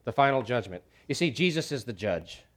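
A man preaching a sermon, swinging from hushed low lines to loud shouts, with jokey asides. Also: big pitch swings, a little fast. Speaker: pastor.

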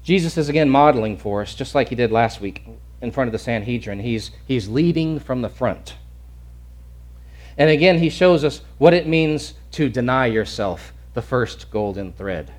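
A man's voice: mid-range voice, expressive, moderate pace, darkish tone. A male pastor preaching a sermon in an earnest, emphatic way, often restarting and repeating words.

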